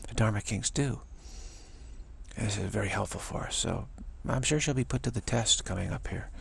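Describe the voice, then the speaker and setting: Gravelly, husky-voiced man giving a rambling spiritual talk. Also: fairly low pitch, normal speed. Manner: rambling, folksy, chuckling asides. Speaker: spiritual teacher.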